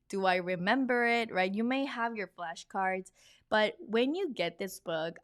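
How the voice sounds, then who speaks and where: A woman's voice: medium pitch, fairly bright tone, no room sound, studio quality. Bubbly woman teacher. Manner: bubbly, chatty, repeats words slowly for learners. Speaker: Korean language teacher. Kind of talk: online language lesson.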